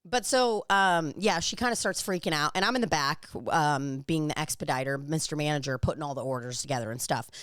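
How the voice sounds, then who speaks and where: Young woman, low voice, dry close sound, casual podcast chat, swears a lot. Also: fairly quick, few pauses, a bit bright, smooth, dry recording. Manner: rambling storyteller, swears freely. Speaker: podcast co-host.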